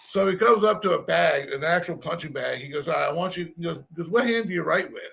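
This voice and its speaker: Gravelly, bright-voiced man telling stories. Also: a little high, fast. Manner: rambling, self-deprecating, restarts and laughs. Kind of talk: casual storytelling chat.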